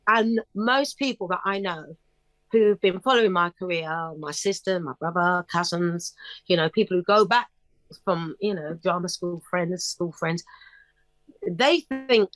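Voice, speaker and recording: A woman's voice: fairly low pitch, a little slow, a bit bright, no room sound. A middle-aged woman talking as a guest in a casual interview, chirpy and upbeat, telling stories with animation. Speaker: guest singer.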